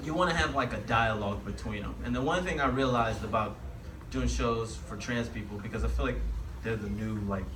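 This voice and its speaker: A man's voice: mid-range voice, fairly quick. A man doing a stand-up set, loose and chatty, laughing at his own jokes. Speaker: stand-up comedian. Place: comedy club stage. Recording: roomy club, distant mic, crowd noise.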